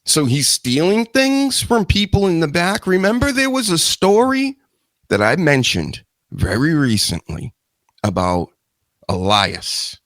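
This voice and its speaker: A man's voice: fairly high pitch, big pitch swings, measured pace, fairly bright tone, no echo. Man, wrestling talk show host, rambling and joking, self-mocking, dry close sound.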